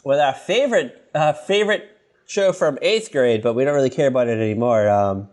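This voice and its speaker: A man's voice: mid-range voice, fairly quick. A man in his thirties co-hosting a podcast, joking around in casual chat. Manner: playful, joking, lively. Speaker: podcast co-host.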